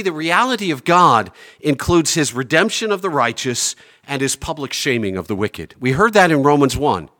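A man preaching a sermon from the pulpit. He leans on key phrases, drawing them out slowly. His volume swings from ringing declarations down to hushed, quiet asides. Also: fairly high pitch, sing-song. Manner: emphatic, slows down on key phrases. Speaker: pastor.

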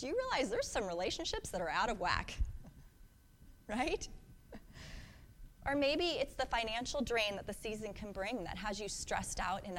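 A woman's voice: a little high, fairly bright tone, big-room sound, a little hiss or hum. A woman in her thirties preaching a sermon, earnest and reflective, asking the congregation questions. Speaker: pastor.

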